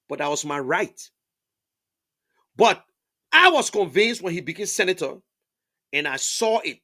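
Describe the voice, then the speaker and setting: High-voiced Liberian man, emphatic testimony. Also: lively intonation, a little slow, pauses often, bright, forceful tone. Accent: Liberian English. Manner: emphatic and repetitive, stacks restatements, stammers on words. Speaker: interviewee, political supporter. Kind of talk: impassioned conversational testimony.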